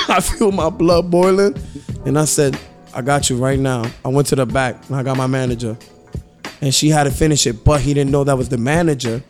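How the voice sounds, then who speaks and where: Animated man telling work stories. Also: mid-range voice, a little fast, faint music behind. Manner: animated, acts out customers' voices, laughs often. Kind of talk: casual storytelling chat.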